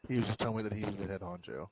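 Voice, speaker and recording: A man streaming a western role-play game, chatting casually in character with a relaxed, chuckling manner. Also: lowish voice, background noise.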